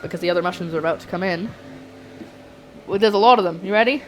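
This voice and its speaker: A young woman chatting to her viewers while cooking on a livestream in her home kitchen, excitable and a little flustered. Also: lowish voice, fast talker, slight background noise, poor audio. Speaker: streamer. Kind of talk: casual cooking livestream chat.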